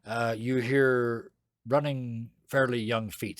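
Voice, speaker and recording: A man running a tabletop game as game master, describing scenes with frequent pauses. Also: mid-range voice, little pitch movement, no room sound, clean studio sound. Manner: descriptive, halting with fillers.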